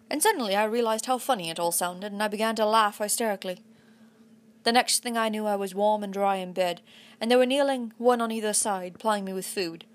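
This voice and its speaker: A woman narrating a children's adventure story aloud in a put-on English accent, with a steady storytelling delivery. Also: mid-range voice, a little fast. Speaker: audiobook reader.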